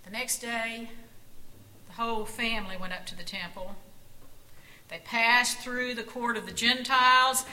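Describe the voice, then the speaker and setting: A woman reads a children's Bible story aloud at a slow, unhurried pace. Her voice is bright and clear and sits a little high, and her reading is expressive. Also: low-quality recording.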